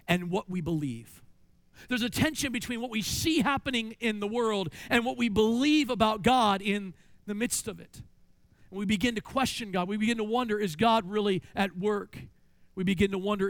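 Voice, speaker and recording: A man's voice: high voice, dry recording. A middle-aged man preaching a sermon as pastor in a church, telling stories and asking rhetorical questions. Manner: animated storytelling with rhetorical questions. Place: church sanctuary.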